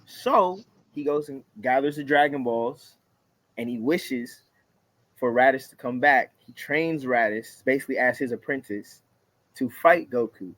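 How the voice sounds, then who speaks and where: A man's voice: medium pitch, a little slow, a bit bright, no room sound, low-quality recording. A man co-hosting a casual podcast, retelling a plot in loose, slangy talk. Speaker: podcast co-host. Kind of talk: casual chat.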